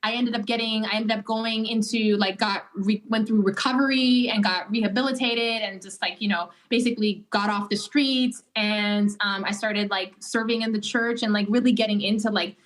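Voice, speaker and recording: A woman guest on a podcast, telling her life story in a casual, animated way with lots of "like" and "you know.". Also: normal speed, hardly any pauses. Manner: animated storytelling, lively rises in pitch when excited; conversational, many fillers like "like" and "you know". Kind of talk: casual testimony in a podcast interview.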